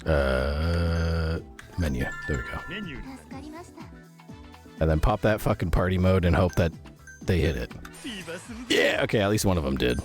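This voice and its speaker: A man streaming a video game in casual chat, his voice strained and roughened from yelling, reacting aloud and answering chat. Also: deep voice, lively intonation, unhurried, long pauses, music in the background.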